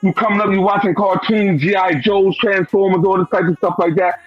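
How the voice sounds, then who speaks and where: A man's voice: high voice, steady tone, brisk, no echo, highs cut off, soft background music. A man telling a personal story in a casual, profane, streetwise way, full of "bro" and "you know what I'm saying.". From Brooklyn, New York. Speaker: guest.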